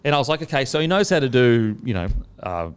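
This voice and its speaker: Australian male host, casual storyteller, profane and animated. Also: medium pitch, quick pace, clear, resonant tone. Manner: swearing, animated storyteller acting out quotes. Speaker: podcast host.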